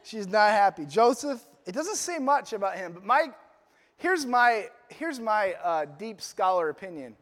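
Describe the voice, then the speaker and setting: The long reverb of a large hall carries a man's Father's Day sermon as a pastor, full of playful storytelling and joking asides. His voice sits high and is a bit bright, sing-song, and measured in pace.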